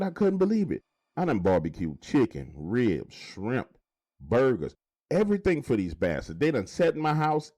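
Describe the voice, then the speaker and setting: A man narrating a first-person scary story in a colloquial, emphatic, animated way. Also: a little high.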